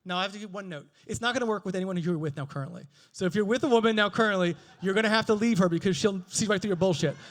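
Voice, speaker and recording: High-voiced man doing animated stand-up. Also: rapid-fire, few pauses. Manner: animated, swearing, mimics voices with big pitch jumps. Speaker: stand-up comedian. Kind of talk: stand-up comedy set. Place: comedy stage before a live audience.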